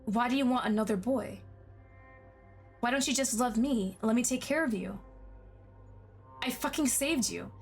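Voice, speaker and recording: A woman voicing an obsessive, possessive young man in a game, pleading and then turning menacing, her line endings sinking low and hushed. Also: moderate pace, pauses often, faint music behind, close to an everyday voice. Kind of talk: game dialogue read aloud.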